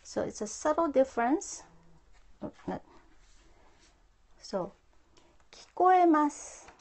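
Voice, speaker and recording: A woman teaching a live-streamed language lesson. She speaks slowly and patiently, repeating words for her viewers, with a gravelly edge to her voice. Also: high voice, lively intonation, a little mellow. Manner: patient, repeats phrases, mixes English and Japanese. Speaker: Japanese teacher. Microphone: phone.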